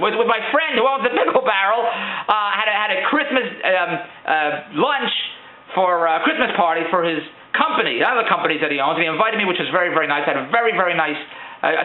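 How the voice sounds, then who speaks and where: Brief: middle-aged man, vlog rant, high and quick, tinny echoey sound. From Philadelphia. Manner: exasperated, joking complaints with rambling repeats. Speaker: vlogger. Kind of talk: casual storytelling rant.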